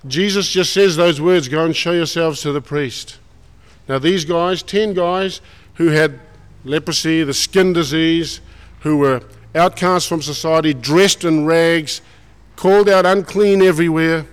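A man preaching a sermon, folksy and animated, putting questions to the congregation. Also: a little high, unhurried, clean tone. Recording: long hall reverb.

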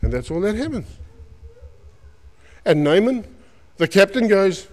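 A man's voice: high-pitched, big pitch swings, a little slow, pauses often, long reverb tail. A man with an Australian accent preaching a sermon, retelling stories in colloquial slang and acting out the characters. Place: church.

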